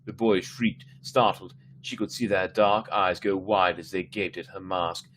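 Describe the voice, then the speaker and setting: Reading a spooky kids' story to his live-stream audience, this man speaks low, level, and unhurried, with a slightly bright tone over faint background noise. He stumbles and restarts frequently and breaks off now and then to talk with viewers.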